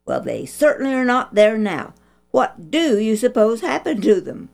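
A woman's voice: a little high, very animated, normal speed, gravelly, darkish tone, soft background music, voice pushed up. A woman voicing a stern, scolding mother in a storybook reading. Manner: emphatic, scolding. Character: stern country mother, scolding then warm.

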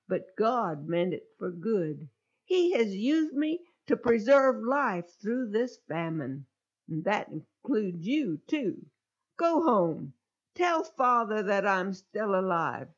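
A woman reading the words of Joseph, a forgiving ruler, in a gentle, pleading way on a dull lo-fi recording. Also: medium pitch.

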